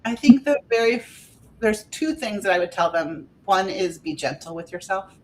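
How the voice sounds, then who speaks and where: A woman guesting as a spiritual life coach on a podcast, talking in a gentle, earnest, reflective way. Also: mid-range voice, lively intonation, normal speed, slight background noise. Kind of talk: podcast conversation.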